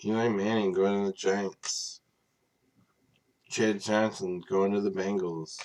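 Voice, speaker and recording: Man, lowish voice, card break host, casual live stream talk, tired and yawning. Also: slow. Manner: reads off names in a steady list.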